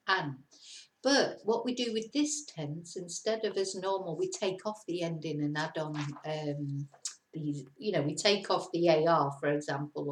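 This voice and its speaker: A woman teaching a casual video lesson, chatty and encouraging, now and then laughing at herself. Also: on the low side. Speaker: Spanish teacher. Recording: roomy echo.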